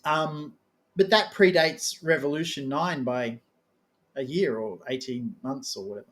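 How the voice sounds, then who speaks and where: A man interviewing a musician in a casual, chatty way, joking and thinking aloud. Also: mid-range voice. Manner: chatty, animated, quick to joke. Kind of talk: casual conversation.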